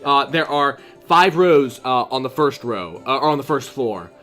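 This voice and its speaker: A man's voice: medium pitch, lively intonation, a little slow, bright, forceful tone. A man narrating a tabletop game as game master, rambling with many fillers and breaking into character voices. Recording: faint background music.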